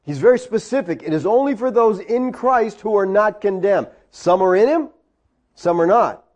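High-voiced man preaching with emphatic questions. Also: lively intonation, moderate pace, a little mellow. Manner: emphatic, rhetorical questions, explains Greek words. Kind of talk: teaching sermon.

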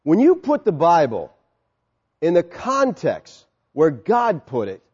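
Animated male preacher in an echoing church. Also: a little high, slow pace, husky. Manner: animated, acts out quotes, jokes with congregation. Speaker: pastor. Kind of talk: sermon. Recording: dull sound with long hall reverb.

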